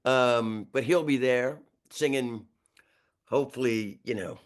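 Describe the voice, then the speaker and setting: A man in his sixties from New York, a guest musician telling road stories in a lively, rambling way with frequent chuckles and restarted sentences. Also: mid-range voice, a little slow, smooth. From New York, USA. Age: 60s. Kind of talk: casual storytelling interview.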